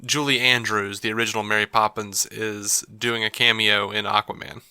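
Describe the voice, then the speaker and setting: A man's voice: lowish voice, little pitch movement, normal speed, bright, forceful tone, smooth, no room sound, clean studio sound. A man co-hosting a film podcast, chatting casually and passing on news with joking asides. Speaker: podcast co-host. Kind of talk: casual chat.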